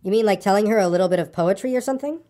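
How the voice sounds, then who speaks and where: A gentle bear of very little brain from a storybook, with a woman doing his voice. He talks slowly and humbly, in a dreamy, unhurried way. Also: mid-range voice, lightly acted. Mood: humble. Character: simple humble gentle male teddy bear. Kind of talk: storybook character reading.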